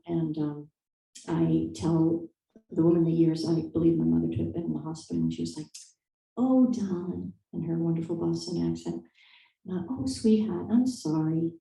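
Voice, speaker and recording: A woman's voice: low-pitched, vocal fry, mellow. Distant, echoey woman author, thoughtful. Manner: thoughtful, hesitant, many fillers and restarts. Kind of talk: conversational interview. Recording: echoey room, distant mic.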